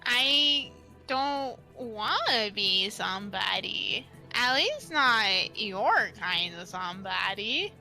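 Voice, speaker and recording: A woman's voice: medium pitch, very animated, takes it slowly, gravelly, bright, forceful tone, faint music behind, full character voice, poor audio. A woman voicing a timid teenage troll boy who speaks hesitantly and reluctantly.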